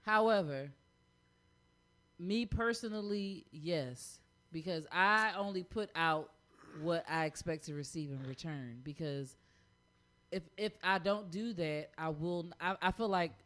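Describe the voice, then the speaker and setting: A woman's voice: lowish voice, fairly bright tone. A woman, co-hosting a podcast in a studio. She talks candidly about her own life, jumps in eagerly, and laughs easily. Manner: candid, laughing, quick to jump in. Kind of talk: casual podcast chat.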